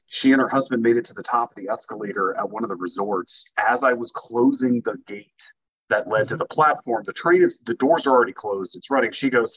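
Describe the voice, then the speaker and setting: Husky-voiced man telling stories. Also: mid-range voice, brisk, muffled recording. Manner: animated anecdotes with acted-out quotes. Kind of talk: casual storytelling chat.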